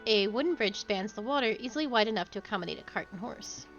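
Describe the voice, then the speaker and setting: A woman's voice: medium pitch, animated, fast, a bit bright, dull audio, soft background music. A young woman streaming a role-playing game, reading its text aloud in a casual way with giggly asides. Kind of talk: casual gameplay narration.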